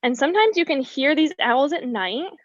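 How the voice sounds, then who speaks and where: A woman, a wildlife educator, giving an explanatory presentation about birds and often pausing on "um". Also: high voice, lively intonation, no echo, lo-fi sound. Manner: explanatory, with frequent ums.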